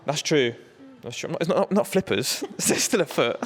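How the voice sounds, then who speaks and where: A jokey actor guest, a man with a mid-pitched voice that bounces around a lot. He fires off banter in casual chat. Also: moderate pace. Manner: jokey, animated.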